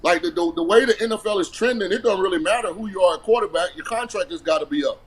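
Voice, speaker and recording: A man appearing as a guest analyst on a sports talk show. He talks fast in a high voice, rushing his points and restarting his sentences as he argues. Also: breathy edge, rough recording. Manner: quick, restarting, argumentative.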